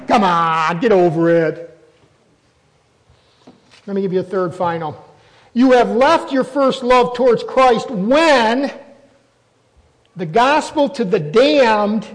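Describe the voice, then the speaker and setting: High-voiced preacher in a reverberant hall. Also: male voice, animated, unhurried. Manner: emphatic, asks the congregation questions. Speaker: pastor. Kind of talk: sermon.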